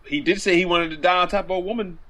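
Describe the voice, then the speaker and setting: A man's voice: high voice, steady tone, fast, sharp tone, low-quality recording. Man, podcast co-host, casual wrestling chat, rambling, laughs a lot. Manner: rambling, laughs often, loose and profane.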